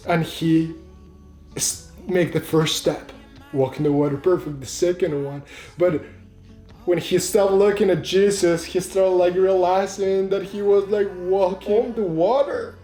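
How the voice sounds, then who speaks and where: A man's voice: sits high, fairly even intonation, unhurried, warm tone, soft background music. Man retelling a Bible story, echoey room. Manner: informal, full of "like", with non-native phrasing. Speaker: devotional speaker. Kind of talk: casual devotional Bible retelling.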